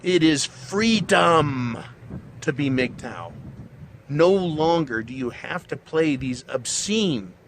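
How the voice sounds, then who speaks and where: A man's voice: medium pitch, very animated, slow pace, a little hiss or hum. A man hosting his own show, delivering a blunt, profane, mocking monologue. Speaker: show host. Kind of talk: ranting monologue.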